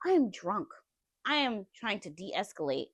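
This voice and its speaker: A woman vlogger tells her own story with lots of emphasis and frequent laughter. Her pitch swings widely as she talks, and the sound is dry and close with no room echo. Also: measured pace. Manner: animated, emphatic, laughs often. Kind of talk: personal storytelling.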